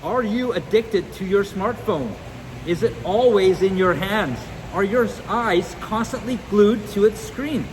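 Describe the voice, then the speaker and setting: A man rehearsing scripted questions outdoors by a waterfall, with a quiet, held-back delivery. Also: sits high, measured pace. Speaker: coaching client. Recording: roaring waterfall noise, reverberant.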